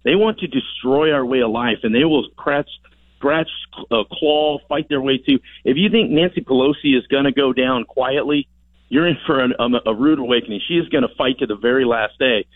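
A man speaks over a thin telephone line with no room sound at all. He answers with emphatic, rallying conviction, pressing his points by repeating words. His pitch sits in an ordinary middle range. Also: moderate pace, no room sound. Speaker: congressman as phone-in guest. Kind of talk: radio interview answers. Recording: dry tinny phone line.

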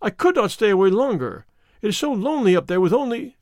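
A man's voice: sits high, animated, quick pace, no echo, clean studio sound. A man putting on an anxious young woman with broken English. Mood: pleading. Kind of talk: audiobook character voice.

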